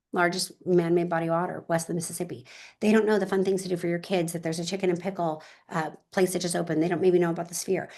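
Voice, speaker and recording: A woman's voice: lowish voice, darkish tone. A woman real estate agent talking in an interview, telling stories with energy and emphasis and speaking straight to her listeners.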